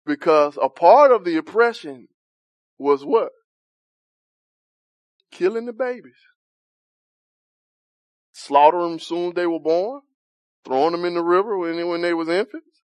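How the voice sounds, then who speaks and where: A man's voice: high-pitched, measured pace, long pauses, no room sound. A man leading an interactive Bible study, talking conversationally, questioning the group and laughing often.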